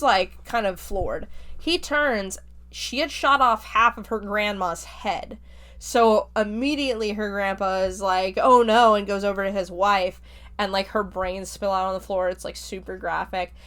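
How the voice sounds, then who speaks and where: A woman hosting a podcast walks through a book's plot in a relaxed, rambling way and leans on fillers as she goes. Her voice sits in an ordinary middle pitch for a woman. She sounds like she is chatting rather than reading from a script. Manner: chatty, filler-heavy retelling. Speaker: podcast host reviewing a book. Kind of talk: casual spoken plot summary.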